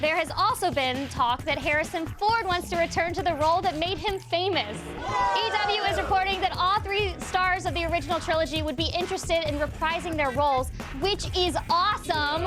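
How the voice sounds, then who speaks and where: Woman, high voice, scripted news read, loud music under her. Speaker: TV news segment host.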